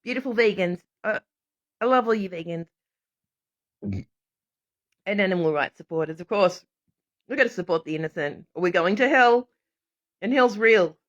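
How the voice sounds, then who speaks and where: A woman's voice: mid-range voice, normal speed, long pauses. Rambling woman on a livestream. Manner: rambling, animated, laughs often. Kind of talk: casual live stream monologue. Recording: dull lo-fi audio.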